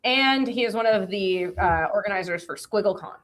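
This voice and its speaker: Chatty woman with a lively voice. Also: mid-range voice, moderate pace. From Boston area. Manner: laughing, chatty, bubbly. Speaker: livestream co-host. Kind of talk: casual live-stream chat.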